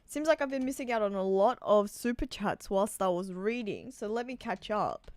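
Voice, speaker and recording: A woman's voice: mid-range voice, animated, moderate pace, darkish tone, no room sound. A woman chatting casually on a live stream, reading out and answering viewer messages. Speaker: streamer reacting to a manga chapter.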